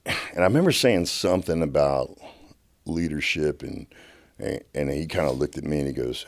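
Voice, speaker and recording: Very deep-voiced man. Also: moderate pace, creaky. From United States. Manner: animated, repeats words and restarts sentences. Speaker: podcast guest. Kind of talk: passionate storytelling. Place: podcast studio.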